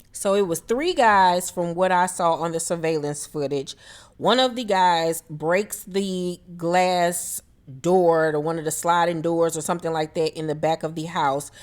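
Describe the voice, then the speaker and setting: A young woman hosting a casual, blunt reality TV recap, swearing and throwing in exaggerated mock reactions. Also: lowish voice. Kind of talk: casual commentary.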